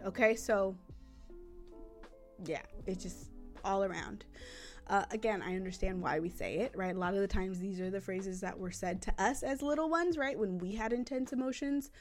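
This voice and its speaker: A woman hosts a parenting podcast in an easy, conversational way. Her voice sits at an ordinary middle pitch. She keeps checking in with a quick "right?" and sounds earnest and reassuring as she explains. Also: faint music behind. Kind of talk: casual teaching talk.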